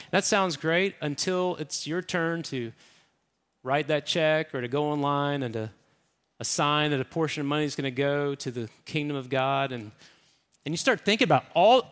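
Bright-voiced pastor preaching in an echoey hall. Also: male voice, fairly high pitch. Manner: conversational, emphatic, acts out quotes. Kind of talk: sermon.

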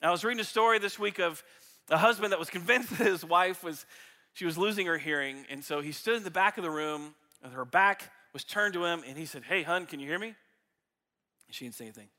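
A man preaching a sermon to his church, animated and jokey, acting out his illustrations for the congregation. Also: high voice, fairly quick. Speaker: pastor. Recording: reverberant hall.

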